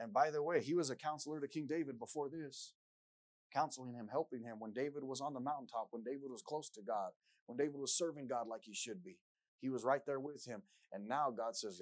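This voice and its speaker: A man preaching a sermon in an earnest way, often repeating words and growing loud as he reads scripture aloud. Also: mid-range voice, no room sound, poor audio.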